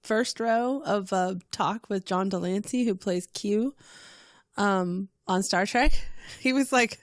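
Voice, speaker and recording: A woman's voice: medium pitch, slow, no echo. Bubbly woman, podcast guest, squeals now and then, dry close sound. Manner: bubbly, squeals when quoting her own excitement. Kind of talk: casual podcast chat.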